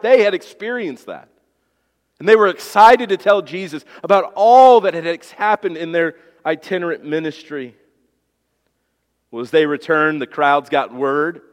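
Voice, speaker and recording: Pastor preaching with emphasis in a hall. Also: male voice, high-pitched. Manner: emphatic, rhetorical questions, repeats words. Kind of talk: sermon.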